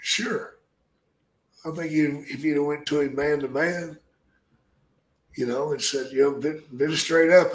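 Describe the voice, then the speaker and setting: Older man, gruff, profane storyteller, slightly high voice, roomy echo. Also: steady tone, a little slow, pauses often. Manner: gruff, swears constantly, acts out quotes loudly. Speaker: podcast guest, storyteller. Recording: echoey room.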